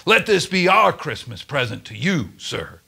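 A man voicing an earnest, rough-edged young navy sailor, speaking eagerly and slowly. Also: on the high side, sing-song, sharp tone, heavily acted.

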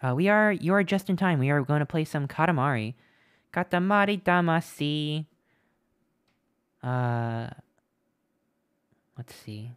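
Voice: mid-range voice, lively intonation, a little slow, long pauses, clean tone, dry recording, studio quality. Chatty, rambling live streamer. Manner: chatty, rambling and playful, with frequent restarts. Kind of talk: casual live-stream chat with viewers.

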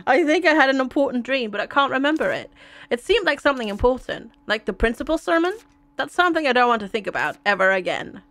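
A woman's voice: high-pitched, animated, fast talker, fairly bright tone. A woman streaming a video game, chatting casually with viewers, giggly and reading game text aloud. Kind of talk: casual let's-play chat.

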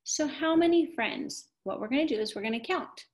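A woman's voice: high-pitched, lively intonation, a little fast. A woman teaching a kindergarten math video lesson, cheerful and encouraging, with an exaggerated voice for young children.

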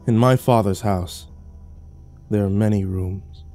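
A man's voice: fairly low pitch, fairly even intonation, slow pace, mellow, faint music behind. A man voicing a sinister black-winged male fallen angel who gives cold, mocking commands. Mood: sneering.

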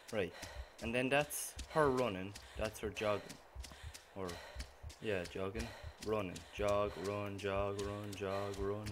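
A young man talks over a game, swearing nonstop. His voice swings widely in pitch as quiet muttering breaks into sudden shouts. There is a clear hiss of noise under the recording. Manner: swears constantly, muttering that bursts into sudden yells. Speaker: gaming channel host. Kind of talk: profane gameplay commentary. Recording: noisy gameplay recording.

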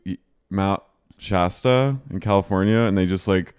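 A man co-hosting a podcast, recapping a show in animated casual chat full of "like". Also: low-pitched, normal speed, clean tone, no room sound, clean studio sound. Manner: animated storytelling, heavy use of "like". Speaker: podcast co-host.

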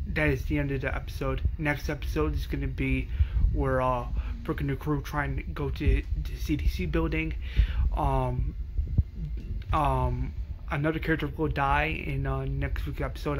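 A man casually recapping an episode as channel host, excitable and rambling, with many restarts and slang. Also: mid-range voice, slight background noise.

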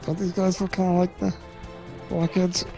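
A man's voice: high-pitched, flat delivery, normal speed, creaky, warm tone, soft background music. A man chatting along with a let's play, tossing in dry, joking remarks. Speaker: co-commentator. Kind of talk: casual gaming commentary.

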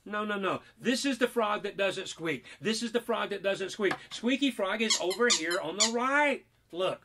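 A man's voice: sits high, lively intonation, normal speed, very noisy. A man performing a magic trick and talking children through it with playful, teasing, mock-indignant patter.

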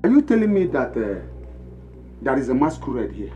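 A man's voice: medium pitch, big pitch swings, normal speed, dark tone, muffled recording, lightly acted. Blustering Igbo father, Nigerian Igbo accent, swooping voice over faint film music, played by a man. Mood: pleading. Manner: scolding, rambling, mixes Igbo and English.

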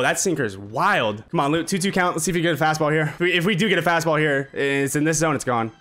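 A man giving casual, excitable commentary as he plays a baseball video game, swearing and trash-talking his own players. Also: on the high side. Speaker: gaming video creator. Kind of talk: casual live gameplay commentary.

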